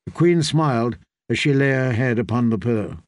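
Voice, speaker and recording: A man reading an audiobook as narrator, in a measured, even delivery. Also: medium pitch, no echo, clean studio sound. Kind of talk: scripted narration.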